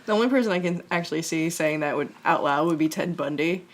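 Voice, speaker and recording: A woman's voice: deep voice, fast. A woman co-hosting a casual podcast, mostly chiming in with short reactions. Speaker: podcast co-host. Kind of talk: casual chat.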